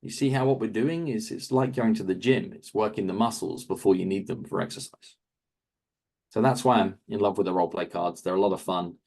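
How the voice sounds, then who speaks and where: A man, a real estate coach, answering interview questions in a lively coaching manner, briefly acting out quick asides. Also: on the low side. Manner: animated, acts out quick asides in other voices.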